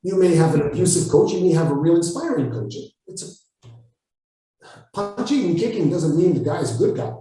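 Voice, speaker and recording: A man with an Israeli accent answering interview questions, blunt and forceful, swearing freely. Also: a little high, lively intonation, fairly quick, faint music behind. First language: Hebrew. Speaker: Krav Maga instructor, guest. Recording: echoey room, far from the mic.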